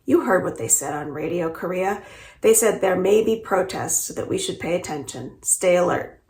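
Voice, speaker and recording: A woman's voice: fairly low pitch, expressive, moderate pace, close to an everyday voice. Exasperated worried mother, as a woman reads her. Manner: sharp and insistent. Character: anxious, exasperated immigrant mother and shop owner. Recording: roomy echo.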